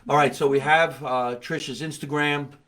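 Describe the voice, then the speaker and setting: A man's voice: on the high side, steady tone, moderate pace, pushed and bright. A middle-aged man hosting a casual comedy podcast, joking brashly and wrapping up with plugs and catchphrases. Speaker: podcast host.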